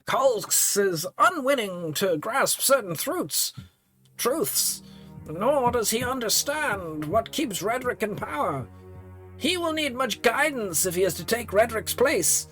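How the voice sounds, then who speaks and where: A man voicing an aging male priest in a game, with failing eyes and sharp wits, who talks in a fussy, stammering, mildly sarcastic way. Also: very high voice, big pitch swings, takes it slowly, soft background music, voice pushed up, exaggerated voice, poor audio. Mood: wry, worried.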